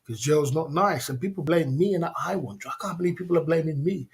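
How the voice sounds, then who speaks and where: A man's voice: a little high, a little fast, vocal fry. A man hosting a livestream, ranting indignantly in slangy, repetitive casual talk with frequent laughs. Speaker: livestream host.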